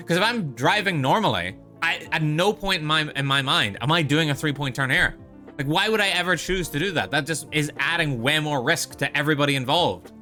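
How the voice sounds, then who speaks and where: A man's voice: on the high side, expressive, a little fast, pushed and bright, faint music behind. A man from the Netherlands streaming, telling a story in a profane, exasperated casual rant. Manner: profane, exasperated, lots of restarts.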